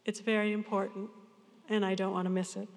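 A woman in her sixties, a pastor, giving an earnest, measured sermon to her congregation. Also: mid-range voice, level tone, big-room sound. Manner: earnest, measured farewell address.

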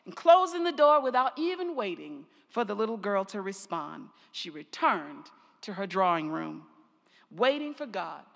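An older woman pastor preaching a sermon, telling stories slowly and deliberately, her phrase endings trailing off softly. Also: medium pitch, vocal fry. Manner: slow, deliberate storytelling with soft trailing endings. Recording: long reverb of a large hall.

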